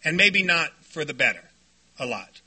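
A man speaking to a recovery meeting, telling stories in an animated, joking way and shouting when he acts out what others said. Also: a little high, moderate pace, husky. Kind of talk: storytelling talk to a meeting. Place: meeting room before a group.

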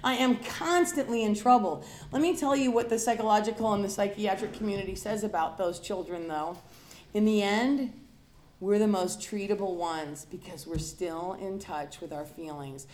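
A woman with a mid-range, darkish voice speaking at normal speed tells an audience her own story of alcoholism and recovery. She's candid and confessional, turning emphatic and dramatic as she acts out her past self, in a roomy space with slight background noise.

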